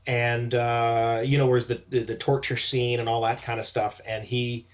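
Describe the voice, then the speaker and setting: A man's voice: mid-range voice, level tone, moderate pace. A man, an actor guest, casually telling rambling anecdotes in conversation. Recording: dull lo-fi sound.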